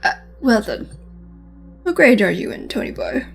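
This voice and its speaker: A woman voicing a weary, suspicious male police officer with a Russian accent, asking slow, probing questions. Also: on the high side, sing-song, vocal fry, husky, faint music behind, heavily acted.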